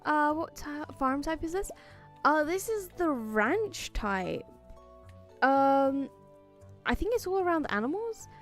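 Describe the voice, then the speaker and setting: A woman's voice: sits high, big pitch swings, slow, faint music behind. A woman streaming a farming game, chatting casually with viewers and playfully talking to in-game items with frequent giggles. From Wales. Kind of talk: casual live-stream gameplay chat.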